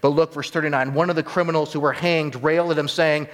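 A man preaches to his congregation with a fairly high voice that climbs hard on rhetorical questions. His delivery is earnest and emphatic. The sound carries a long church-hall reverb. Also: fairly even intonation, fast. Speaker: pastor. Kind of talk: sermon.

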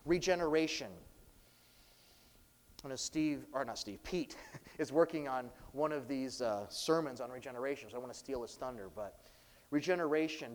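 Earnest male preacher in a hall. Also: medium pitch. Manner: earnest, shifting between emphatic and hushed. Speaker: pastor. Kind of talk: sermon.

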